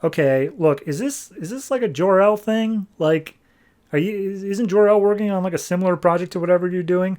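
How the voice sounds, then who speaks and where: A man's voice: high-pitched, fairly quick, darkish tone, voice pushed up, natural voice. A man casually voicing a skeptical, needling alien wife while retelling a comic. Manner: casual, offhand paraphrase.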